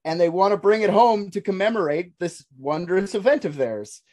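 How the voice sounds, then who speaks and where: Animated, jokey male storyteller. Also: sits high, moderate pace. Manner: animated, jokey, swears freely. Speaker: podcast host telling a story. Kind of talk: casual storytelling with profanity.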